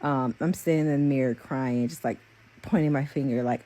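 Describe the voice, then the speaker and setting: A woman's voice: rumbling low, normal speed, mellow. A young adult woman, a psychic reader and spiritual coach, gives an earnest, rambling, openly emotional spiritual message in casual confessional talk. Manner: earnest, rambling and repetitive, with many fillers.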